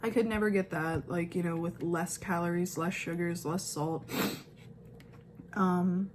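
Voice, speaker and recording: A woman's voice: on the low side, steady tone, a little slow, a little mellow, slight background noise. A woman in her thirties, a mother and vlogger, chatting casually at home in a rambling, filler-heavy way. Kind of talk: casual vlog chat.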